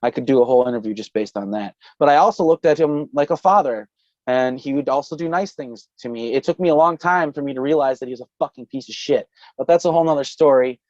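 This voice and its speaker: A man's voice: mid-range voice, quick pace, a little mellow, no room sound. Brief: male guest, rambling casual storyteller, curses freely, dry and dull remote audio. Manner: rambling, profane, laughing often. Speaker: podcast guest.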